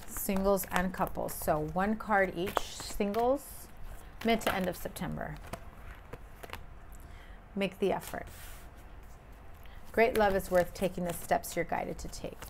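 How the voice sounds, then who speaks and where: A woman's voice: mid-range voice, steady tone, slow, vocal fry, long pauses, background noise. A woman giving a casual tarot reading, talking bluntly and emphatically with frequent swearing. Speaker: tarot reader.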